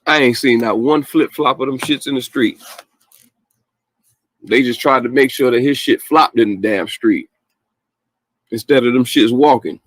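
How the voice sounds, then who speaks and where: Podcast host, male, mid-pitch, casual profane rant, dry close mic. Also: normal speed, pauses often, dry recording. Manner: blunt, profane, animated, with laughs and mocking quotes.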